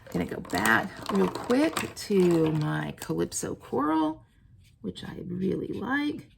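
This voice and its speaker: A woman talks viewers through a stamping project, unhurried but with a lively, swooping pitch. Her voice has a gravelly fry at times, and she coos eagerly over each finished piece. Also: a little hiss or hum. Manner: chatty and excitable, cooing over her work. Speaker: stamping crafter demonstrating a card. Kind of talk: casual craft tutorial.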